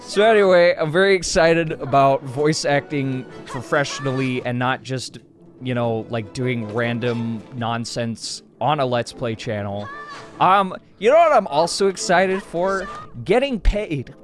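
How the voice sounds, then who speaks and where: A young adult man co-hosting a Let's Play, chatting casually and jokingly with an animated delivery. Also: mid-range voice, a little slow. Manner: animated, joking, slips into silly voices. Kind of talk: casual gaming chat. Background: game music.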